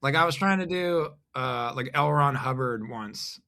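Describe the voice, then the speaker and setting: A man speaking as a podcast guest in a casual chat. His tone is bright and forward, and his pitch sits in the middle range. He talks haltingly and deadpans his jokes. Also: vocal fry. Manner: halting, deadpan, self-deprecating. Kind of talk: casual conversation.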